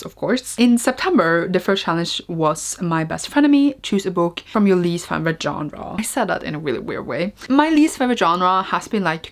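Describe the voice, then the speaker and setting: Chatty Norwegian-accented woman, lowish voice. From Norway. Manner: chatty, rambling, peppered with "like"; self-mocking and giggly. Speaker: book vlogger. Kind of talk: casual book review vlog.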